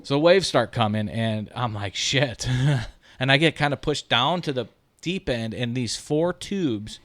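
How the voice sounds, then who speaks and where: A man's voice: mid-range voice, measured pace. A man in his thirties hosting a podcast, telling a story in casual chat, cursing often and laughing as he goes. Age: 30s. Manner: profane, laughing, animated storytelling. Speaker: podcast host.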